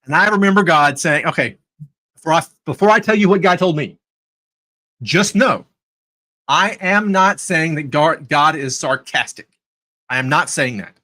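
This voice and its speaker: A man's voice: fairly high pitch, animated, normal speed, sharp tone, poor audio. An American man hosting a live talk, telling stories in a sarcastic, conversational way. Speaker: host. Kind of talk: live talk on faith and trading.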